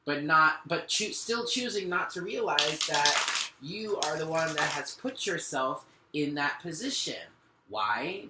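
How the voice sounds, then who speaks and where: A man's voice: a little high, background noise. A man giving a spoken tarot reading, talking earnestly and directly to the listener while shuffling and laying out cards. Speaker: tarot reader. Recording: echoey room.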